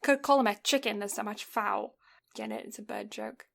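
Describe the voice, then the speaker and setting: A woman's voice: mid-range voice, normal speed, vocal fry. A woman co-hosting a podcast, recapping an anime in a casual, rambling way, with frequent laughs and puns. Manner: giggly, punning, rambling. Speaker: podcast co-host.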